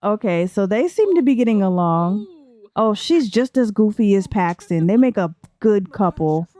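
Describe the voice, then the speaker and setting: A woman's voice: mid-range voice, expressive, normal speed, dark tone, no room sound. A young woman giving chatty, playful commentary while playing a life-simulation game. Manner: chatty, playful, laughs often. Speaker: let's play host. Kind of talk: casual gameplay commentary.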